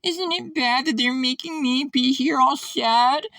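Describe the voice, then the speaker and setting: A man voicing a whiny, passive-aggressive male zealot who plays the self-pitying martyr in a high, simpering, sobbing voice. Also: unhurried, bright, forceful tone, dry recording, full character voice, poor audio. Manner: simpering fake-polite sobbing.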